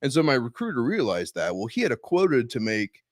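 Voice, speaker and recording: A man's voice: mid-range voice, a little fast, no echo. Guy guest on a podcast telling a story, cusses a lot, mid voice, dry close sound. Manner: profane, animated storyteller. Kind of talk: casual storytelling.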